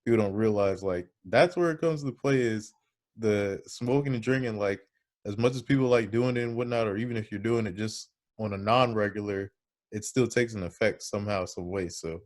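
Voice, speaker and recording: A man hosting a podcast, mostly giving short agreeing replies in a relaxed, casual interview. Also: lowish voice, brisk. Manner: laid-back listener, short agreeing replies. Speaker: podcast host.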